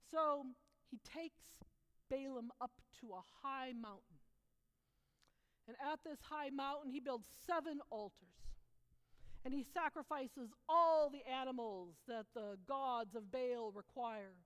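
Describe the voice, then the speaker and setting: Woman, Bible storyteller, high voice, very lively pitch, dramatic pauses, long hall reverb. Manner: animated, dramatic, emphatic pauses.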